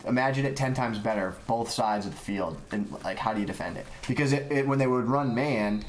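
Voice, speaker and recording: A man's voice: medium pitch, fairly quick, slight background noise, rough recording. A man co-hosting a casual gaming show, talking emphatically about football plays with many restarts. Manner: excitable, emphatic, talks in restarts. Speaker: co-host and gameplay analyst.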